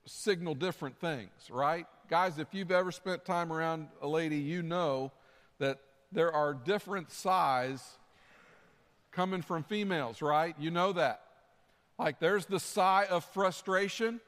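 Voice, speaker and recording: A man's voice: sits high, normal speed, a bit bright, big-room sound. A man preaching a sermon as pastor, earnest and conversational, repeating his phrases. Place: church sanctuary.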